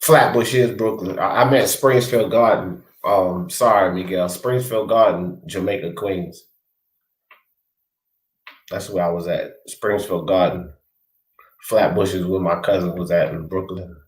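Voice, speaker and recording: A man's voice: low-pitched, fairly even intonation, a little slow. Rambling man in an echoey room. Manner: rambling, addresses viewers by name. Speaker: livestream host reading chat. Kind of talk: casual motivational talk.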